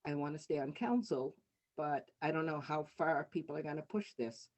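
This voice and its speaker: A woman's voice: low-pitched, normal speed, a little mellow. A middle-aged woman and city councilor giving candid personal testimony over a video call. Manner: candid, conversational storytelling. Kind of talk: personal testimony at a community meeting.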